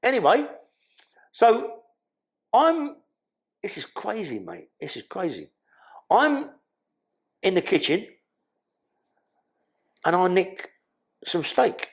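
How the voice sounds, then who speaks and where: A man tells a story in a rambling way, full of swearing and street slang. His voice is gravelly and husky. His pitch rises and falls widely as he talks. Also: huge pitch swings, takes it slowly, long pauses. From London. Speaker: podcast guest. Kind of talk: casual storytelling.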